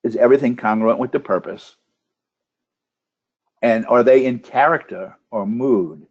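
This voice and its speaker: A man's voice: medium pitch, unhurried, highs cut off. A man leading an instructional webinar, asking one checklist question after another, with a few restarts. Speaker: webinar trainer for contest judges. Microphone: computer microphone on a webinar call.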